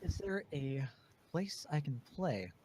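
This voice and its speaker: Excitable man stumbling over his words. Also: on the high side, takes it slowly, slight background noise, poor audio. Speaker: player. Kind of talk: casual chat at a tabletop game.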